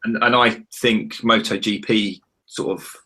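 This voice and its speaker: Male podcast co-host, wry and joking, bright tone with a husky edge. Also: fairly low pitch, fairly even intonation, a little slow. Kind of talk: casual podcast chat.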